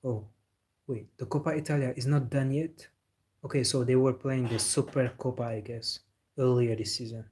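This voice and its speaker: A man's voice: mid-range voice, fairly even intonation, moderate pace, a little mellow, slightly rough. A man from Senegal hosting a football live stream. He chats casually, answers viewer comments, jokes and says "bro" a lot. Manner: laid-back, joking, says "bro" often.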